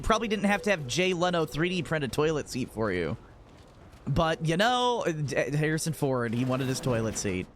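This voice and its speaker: A man's voice: sits high, a bit bright, a little hiss or hum. A man streaming a game, chatting casually and telling profane, joking stories in a rambling way. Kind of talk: casual live-stream chat.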